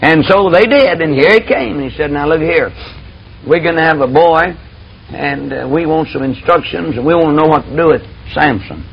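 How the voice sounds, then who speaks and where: Preacher guy, folksy and emphatic, slightly high voice, dull old tape with light hiss. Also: moderate pace, vocal fry, husky. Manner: folksy, emphatic, drawling storytelling. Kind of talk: sermon.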